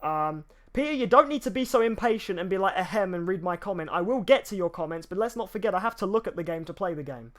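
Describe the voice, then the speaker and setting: A man's voice: high-pitched, lively intonation, fast talker, few pauses, fairly bright tone, no echo. A young man chatting casually while streaming a video game, rambling and reading viewer comments aloud. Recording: faint game music behind.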